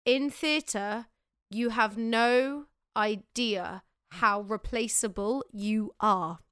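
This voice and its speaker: A woman talks frankly and bluntly on a podcast. Her voice is smooth and resonant and sits a little high, recorded dry and close in a studio. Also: very slow, a bit bright, no echo. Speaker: podcast co-host. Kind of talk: casual chat.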